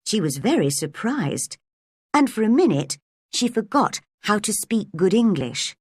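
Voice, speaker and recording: A woman narrating a storybook aloud in a slow, expressive reading. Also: mid-range voice, slightly rough, no echo, studio quality. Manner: lively, expressive.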